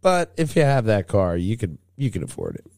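A man co-hosting a car podcast, with a lowish, mellow voice. He trades joking banter and quick reactions in a relaxed chat. The sound is dry and close. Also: creaky, no echo. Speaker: podcast co-host. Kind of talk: casual car-news chat.

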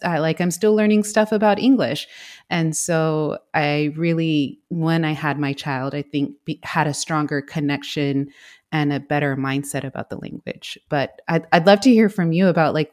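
A woman's voice: low voice, a little mellow. A woman in her forties, raised in the United States, talking as a guest in an interview in a reflective way, with many fillers and light laughs. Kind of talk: conversational interview.

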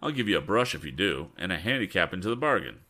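A man voicing a boastful, taunting middle-aged male driver in a storybook reading, in a deep voice close to his own. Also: big pitch swings, quick pace, sharp tone, heavily acted.

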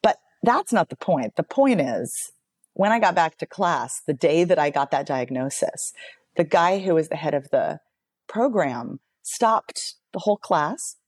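A woman in her thirties, a voice coach and author, talking in a relaxed interview and telling stories with lively swings in pitch. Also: unhurried, slightly rough, no echo. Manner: animated storytelling, wide pitch swings, expressive. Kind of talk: casual interview conversation.

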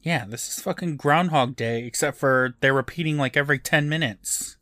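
A man co-hosting a podcast, recapping an episode in a dry, deadpan way with jokes. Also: fairly high pitch, normal speed, dry recording. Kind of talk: casual recap chat.

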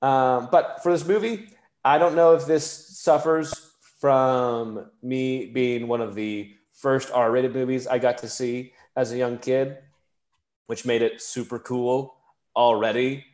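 A man co-hosting a casual movie podcast, explaining his view in a measured way. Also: medium pitch, fairly even intonation, a little mellow. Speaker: podcast co-host. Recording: roomy echo.

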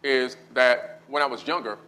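A man's voice: medium pitch, fairly even intonation, moderate pace, bright, forceful tone, poor audio. A man in a casual podcast conversation, explaining his views in a thoughtful, storytelling way. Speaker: podcast guest.

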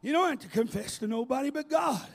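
A man preaching a revival sermon, chanting repeated phrases and shouting to the congregation. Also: very high voice, animated, fast talker, creaky.

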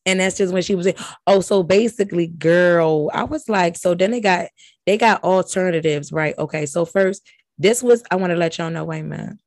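A woman hosting a podcast, recapping reality TV in brash, profane, animated casual chat. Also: fairly low pitch, normal speed, no echo. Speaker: podcast host.

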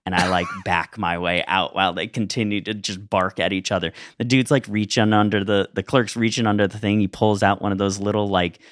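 A man's voice: fairly low pitch, fairly even intonation, a little fast, few pauses, fairly bright tone, dry recording, studio quality. A man co-hosting a podcast, telling a rambling anecdote in casual chat and laughing as he goes. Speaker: podcast co-host.

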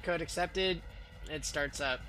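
Bright-voiced male game master narrating. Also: fairly high pitch, slow pace, soft background music. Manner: rambling, full of fillers and restarts.

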